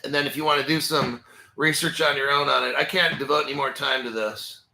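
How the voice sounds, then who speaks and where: A man's voice: medium pitch, steady tone, fairly quick, gravelly, bright, forceful tone, slight background noise. A man hosting a crypto channel, rambling in a profane, conspiratorial way and talking back to himself while sharing his screen. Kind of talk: rambling screen-share commentary. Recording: echoey room.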